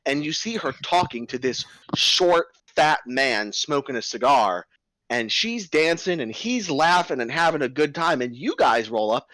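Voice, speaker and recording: Lively man narrating as game master. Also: mid-range voice, measured pace, dry recording, rough recording. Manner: casual, rambling narration with restarts.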